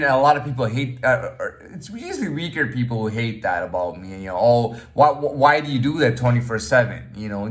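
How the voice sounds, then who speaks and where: A man talks to camera in a loose, rambling monologue at an ordinary middle pitch. He keeps restarting his sentences and checking in with "you know what I mean", and now and then he sinks into a quiet mutter. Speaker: vlogger.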